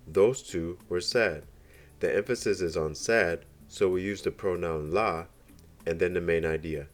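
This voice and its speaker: A man narrating a scripted beginner language lesson, explaining slowly and carefully with example phrases. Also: low voice. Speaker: language teacher.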